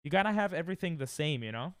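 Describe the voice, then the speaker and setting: A man streaming live, chatting casually and playfully with his viewers, with sudden loud bursts. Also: on the high side, lively intonation, racing, clear, resonant tone, dry recording, studio quality. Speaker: livestreamer.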